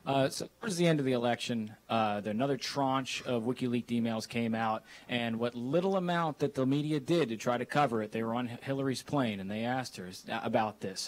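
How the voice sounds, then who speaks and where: Rambling male audience questioner. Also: medium pitch. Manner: rambling, hesitant phrasing. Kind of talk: asking a question at a public event.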